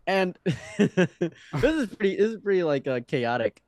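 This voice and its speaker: A young man telling a wild personal story on a podcast. He is animated and laughs often, dropping low and then jumping up loud. The sound is dry and close. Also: normal speed, no echo. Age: young adult. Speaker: podcast guest. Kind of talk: casual storytelling.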